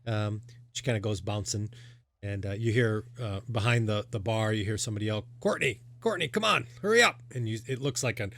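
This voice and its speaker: A man narrates as game master of a tabletop game in a loose, hesitant way. His voice sits fairly low and he fills gaps with plenty of uhs and ums. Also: little pitch movement, a little fast.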